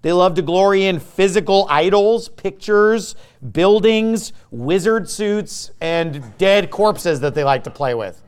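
Male pastor, high voice, combative and mocking sermon delivery. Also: slow, hardly any pauses, smooth. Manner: lively, swings between loud and quiet.

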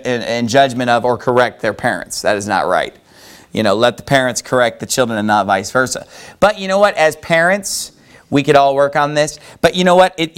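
A man with a smooth, slightly bright voice on the high side gives a conversational sermon. He rambles loosely with many restarts, folksy asides and lots of "you know."

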